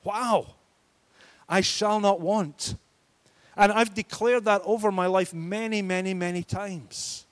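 A man preaching a sermon, emphatic and declaring, his force rising and falling. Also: sits high. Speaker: pastor.

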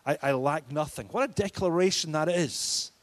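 A man's voice: a little high, normal speed. A man preaching a sermon, emphatic and declaring, his force rising and falling. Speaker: pastor.

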